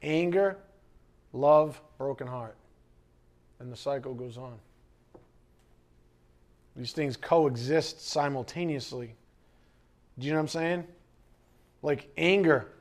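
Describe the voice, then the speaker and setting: A man preaching a sermon as pastor, lively and conversational, asking the congregation questions. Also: medium pitch, slow pace, pauses often. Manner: animated preaching, acting out scripture quotes and asides.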